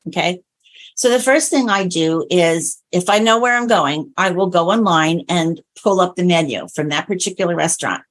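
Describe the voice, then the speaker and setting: A woman's voice: lowish voice, moderate pace. A woman guest who coaches clients on diabetes-friendly meals, talking in a chatty, storytelling way in an interview. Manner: chatty storyteller, animated retellings. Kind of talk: conversational interview.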